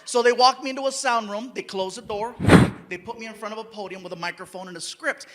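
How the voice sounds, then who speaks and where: A male stand-up comedian telling a story on a live stage, animated, playful and exasperated. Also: sits high, fast.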